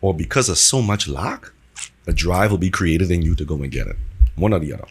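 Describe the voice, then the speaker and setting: A man speaking as a podcast guest in a measured, reflective way. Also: low voice, lively intonation, slight background noise. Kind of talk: casual podcast conversation.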